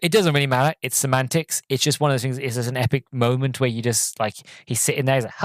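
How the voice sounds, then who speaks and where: Male podcast host, mid-pitched, casual rambling reviewer, dry close sound. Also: fairly even intonation, quick pace, few pauses, dry recording. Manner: rambling, filler-heavy, self-correcting.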